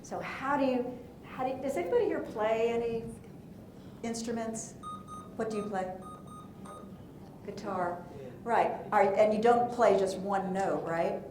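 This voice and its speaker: Lively woman coaching a room. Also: a little high, unhurried, pauses often, reverberant, background noise. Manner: lively, playful, asks the audience questions. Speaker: presentation coach. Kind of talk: live conference workshop talk. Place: conference room with an audience.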